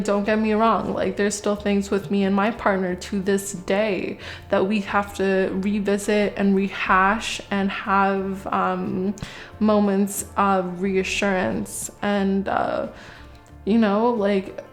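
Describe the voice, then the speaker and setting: A woman in a casual tarot reading, chatty and rambling, her speech full of fillers and the odd curse when she gets worked up. Her voice sits at an ordinary middle pitch for a woman. Faint music plays softly behind her. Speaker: tarot reader.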